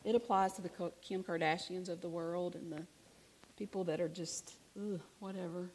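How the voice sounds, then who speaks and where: A woman preaching a sermon, telling a personal story in a conversational way, swinging from hushed to emphatic. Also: lowish voice, fairly even intonation, moderate pace, slight background noise.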